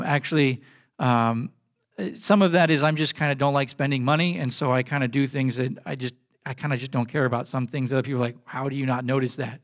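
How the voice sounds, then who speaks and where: Man, pastor, relaxed sermon, slightly high voice, easygoing and full of fillers. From grew up as a missionary kid abroad. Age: adult with kids. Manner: casual, self-deprecating storytelling with many fillers.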